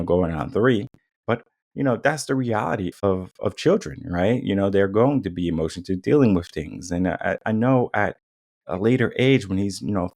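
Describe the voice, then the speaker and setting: In a casual monologue, a young man hosting a podcast speaks with a low-pitched, somewhat mellow voice. He's emphatic and repeats himself, performing quotes with varied tones.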